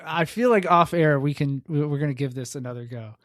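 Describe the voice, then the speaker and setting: A man hosts a casual podcast interview, teasing his guest with playful questions. His voice sits a little high for a man. The sound is dry and close, with no room around it. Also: a little fast, dry recording. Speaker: podcast host.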